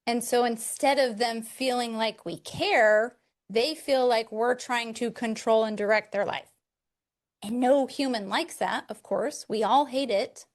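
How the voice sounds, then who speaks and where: A woman hosting a parenting talk, explaining a point to other parents in a measured way. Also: fairly high pitch, steady tone. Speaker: parenting show host.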